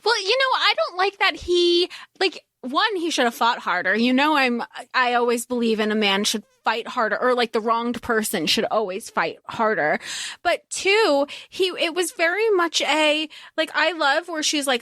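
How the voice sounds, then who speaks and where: High-voiced woman podcast co-host. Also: normal speed, no echo, clean studio sound. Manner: animated, swearing, heated retelling. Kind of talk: casual book-discussion chat.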